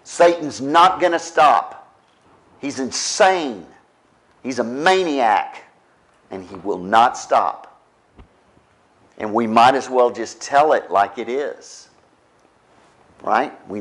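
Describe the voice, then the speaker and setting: A middle-aged man with a drawl delivers a sermon in an easygoing, conversational way. His pitch rises and falls with lively expression while he keeps an unhurried pace. He often tosses a quick "right?" to his congregation. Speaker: pastor.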